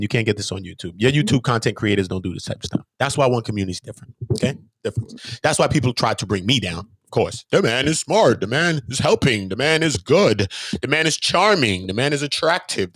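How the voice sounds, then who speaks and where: A man hosting his own channel, talking off the cuff to viewers in an emphatic, preachy way full of rhetorical questions, swinging from loud bursts to low mutters. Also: dry recording, studio quality. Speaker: channel host. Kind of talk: unscripted monologue to viewers.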